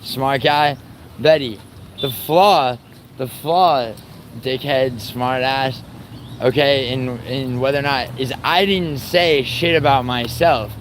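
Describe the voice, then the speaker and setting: A man's voice: mid-range voice, slow. A young man, livestreaming outdoors on a city street and trading profane, teasing banter with his chat. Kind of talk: casual livestream chat with viewers. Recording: faint street and traffic noise.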